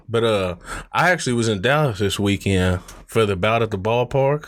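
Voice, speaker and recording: A man co-hosting a podcast, telling stories in a casual, profane way, laughing often and acting out quotes in a lower voice. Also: expressive, moderate pace, long pauses, fairly bright tone, slight background noise. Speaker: podcast co-host. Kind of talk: casual chat.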